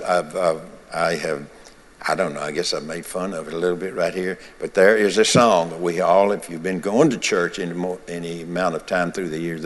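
A man with a low voice preaches a sermon in a church, his words trailing into a long, ringing reverb. He talks in a rhythmic cadence and repeats his key lines over and over. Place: church sanctuary.

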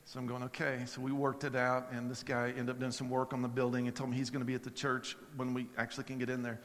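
A male pastor preaching in a relaxed, chatty way and stumbling over repeated words at the start of sentences. His voice sits at an ordinary middle pitch. A long reverb trails after every phrase, as in a large hall. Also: fast, hardly any pauses. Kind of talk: sermon with storytelling.

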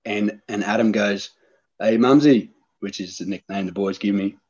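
Excitable man telling a story. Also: on the low side, normal speed, breathy edge, highs cut off. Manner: animated, excited storyteller, acts out quoted lines. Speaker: podcast guest telling a hunting story. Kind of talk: casual storytelling chat.

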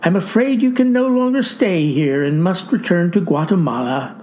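A woman voicing a gentle adult male director in a storybook read-aloud, raising her pitch a little. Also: animated, moderate pace, a little hiss or hum, close to an everyday voice.

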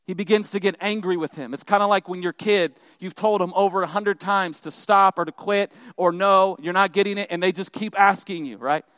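High-voiced male pastor preaching. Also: steady tone, brisk, hardly any pauses, a bit bright, no room sound, clean studio sound. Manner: conversational storytelling with asides to the congregation. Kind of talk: sermon.

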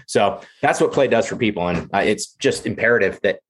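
A man's voice: lowish voice, animated, a little fast, breathy edge. A man talking as a podcast guest, enthusiastic and storytelling, often restarting his sentences. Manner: enthusiastic storyteller, repeats words when starting. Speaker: podcast guest, play professional. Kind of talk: casual podcast chat.

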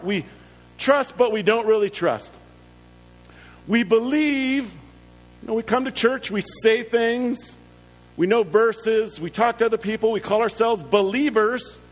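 A pastor preaching an earnest sermon, slowing down to stress key words. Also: male voice, high voice. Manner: earnest preaching with slow, drawn-out emphasis. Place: church. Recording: long reverb with faint music.

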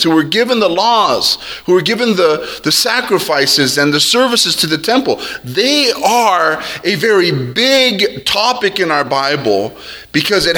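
A man preaching a sermon as a pastor, drawing out his words and dropping his voice low when he quotes others. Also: pushed and bright. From Arab heritage.

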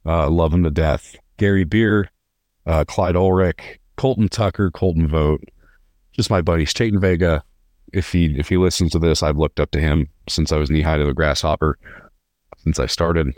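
A man's voice: extremely low pitch, steady tone, normal speed, a little mellow, dry recording, clean studio sound. A young man from California, a podcast guest telling stories in an earnest, rambling way with many restarts. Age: young adult. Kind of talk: casual interview.

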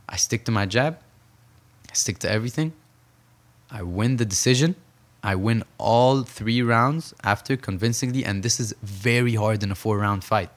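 A young professional boxer, appearing as a podcast guest, tells an intense story in a conversational interview. His voice is medium-pitched, and he slows down to stress his key points.

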